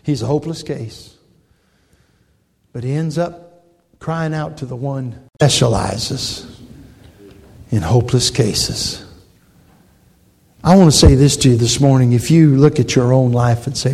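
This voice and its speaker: A man's voice: mid-range voice, fairly even intonation, normal speed, pauses often, mellow, husky. A man in his sixties preaching a sermon, with emphatic, dramatic storytelling. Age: 60s. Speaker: pastor.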